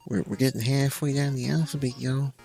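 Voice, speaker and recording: A man's voice: medium pitch, steady tone, brisk, creaky, dark tone, faint music behind. A young man streaming a game, rambling in a casual, profane, jokey way. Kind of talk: casual live-stream chat while gaming.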